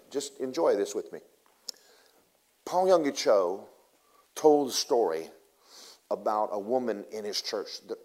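A man preaching a sermon in a casual, folksy way, telling a story and swinging between loud bursts and hushed asides. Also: fairly low pitch.

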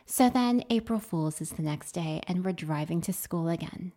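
A woman telling a childhood story in casual podcast chat, lively and quick to act out the people she quotes. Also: lowish voice. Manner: animated, acts out quoted voices.

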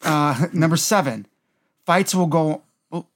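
A man chatting casually about a movie, animated as he lists things off. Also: a little high, slow pace.

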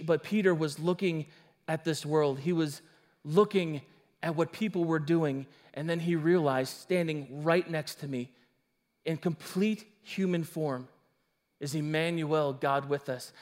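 A man preaching a sermon as pastor, emphatic, with casual asides to his congregation. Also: a little high.

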